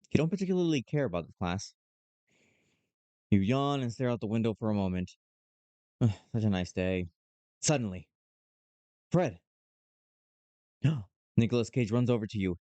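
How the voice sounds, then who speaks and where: A man streaming, reading a dating sim aloud with playful, animated reactions. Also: lowish voice, no room sound.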